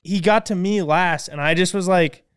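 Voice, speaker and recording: Smooth-voiced young Midwestern man telling stories. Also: sits high, normal speed, no room sound, studio quality. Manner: storytelling, laughs often, swears casually. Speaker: podcast co-host. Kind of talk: casual chat.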